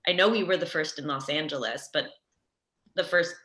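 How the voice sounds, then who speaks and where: A woman's voice: low-pitched, moderate pace, sharp tone. A woman actress on a video call, speaking gratefully and with enthusiasm. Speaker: actress, guest. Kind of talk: casual interview over video call. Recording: roomy video call audio.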